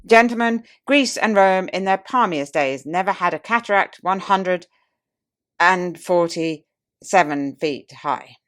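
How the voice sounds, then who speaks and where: A woman's voice: fairly low pitch, fairly bright tone. A woman doing a tipsy, pompous old-time orator. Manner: grandiose, stumbling over words, drawn-out pauses. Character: tipsy pompous male statesman orating.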